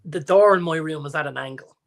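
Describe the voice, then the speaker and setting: Animated Irish man in his forties. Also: on the high side, fast talker, gravelly. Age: 40s. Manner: animated storyteller, acts out quotes. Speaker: podcast co-host. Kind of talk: casual chat.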